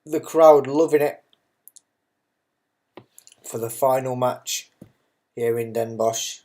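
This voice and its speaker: A man's voice: medium pitch, takes it slowly, mellow. A man giving casual, unscripted darts commentary, chatty and self-mocking, who swears freely and drifts into ranting asides.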